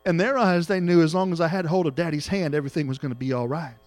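A middle-aged man preaching an emotional sermon, swinging between loud exhortation and hushed tenderness. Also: a little high, fast, no echo, faint music behind.

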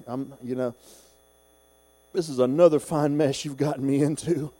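Preacher man, rising to shouts. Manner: builds from low conversational talk to shouted, sung-out exhortation. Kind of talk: sermon.

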